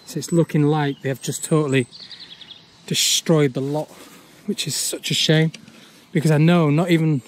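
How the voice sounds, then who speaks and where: A man, chatting casually as he walks an overgrown old railway path outdoors, often pausing on "uh". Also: a little high, flat delivery. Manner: chatty, with frequent "uh" pauses. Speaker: urban exploring vlogger. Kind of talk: casual walk-and-talk commentary.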